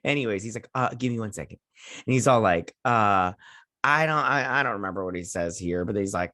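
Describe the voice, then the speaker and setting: A man's voice: lowish voice, fast, pushed and bright, no room sound, clean studio sound. A man casually recapping and reviewing a TV episode, rambling and sarcastic, paraphrasing characters as he goes. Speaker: show reviewer.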